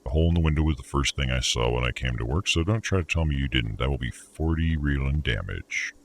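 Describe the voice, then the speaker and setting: A man's voice: extremely low pitch, quick pace, slight background noise. A man voicing an exasperated middle-aged male hotel manager in a video game, reading the dialogue aloud. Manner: exasperated, counting out a bill.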